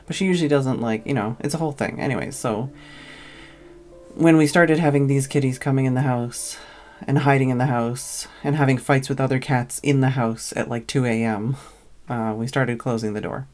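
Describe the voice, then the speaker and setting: A woman's voice: very deep voice, fairly even intonation, moderate pace, darkish tone. Tired woman rambling through a story. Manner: rambling, lots of "like" fillers. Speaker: streamer. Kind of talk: casual storytelling.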